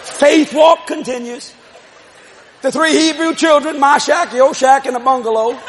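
High-voiced shouting preacher. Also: male voice, steady tone, measured pace. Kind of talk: televised sermon. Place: church service before a congregation. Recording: live congregation with loud laughter and noise.

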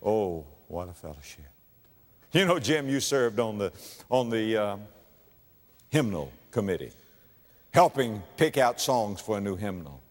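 A man preaching a sermon, dramatic, swinging from hushed tones to loud exclamations in a church. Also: fairly low pitch, animated, a little slow, pauses often. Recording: long reverb of a large hall.

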